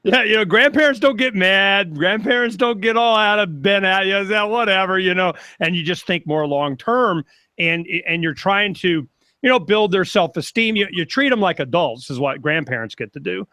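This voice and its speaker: An older man and grandfather talking casually as a panel guest on a video call, rambling and animated as he tells stories. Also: sits high, normal speed, dry recording.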